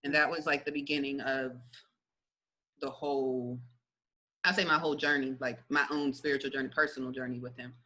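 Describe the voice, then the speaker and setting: A young woman gives her faith testimony in a casual interview, talking in a loose, chatty way. Her voice is very bright and forceful, and she breaks into laughter often. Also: extremely low pitch, a little fast, rough recording. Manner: lively, chatty, laughs often, many fillers. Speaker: guest sharing her testimony.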